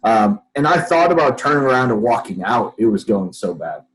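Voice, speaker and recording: A man's voice: lowish voice, a little fast, low-quality recording. A man telling a story as a podcast guest, acting out other people's lines as he goes. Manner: animated storyteller, acts out quotes. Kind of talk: storytelling in a casual interview.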